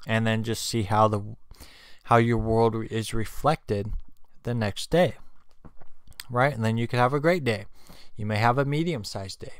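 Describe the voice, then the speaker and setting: A man's voice: fairly low pitch, steady tone, normal speed, long pauses, clear, resonant tone, dry recording, clean studio sound. A man hosting his own channel, chatting casually on a livestream, rambling with many fillers and restarts, with candy in his mouth. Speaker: channel host. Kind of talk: casual spiritual livestream talk.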